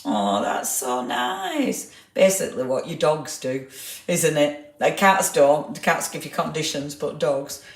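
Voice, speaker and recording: Here the host's voice is low-pitched and sing-song, moving a bit slowly as she runs her casual craft stream. She greets viewers by name, reads their comments, and keeps laughing. It's recorded on a clip-on mic with noticeable room echo.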